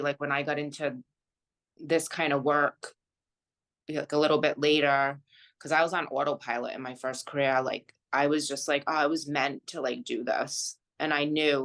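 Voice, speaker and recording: Woman tarot reader, deep for a woman, unhurried spiritual chat, halting delivery. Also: fairly bright tone. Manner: halting, thoughtful, many restarts and fillers. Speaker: intuitive reader. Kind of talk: casual chat.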